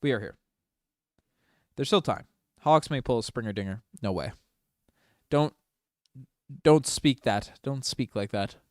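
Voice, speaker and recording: A man giving casual, partisan play-by-play on a fan livestream, moving from low mutters to loud excited shouts. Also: unhurried, long pauses, no room sound, clean studio sound. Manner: excitable, swings from mumbling to shouting. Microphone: desk microphone.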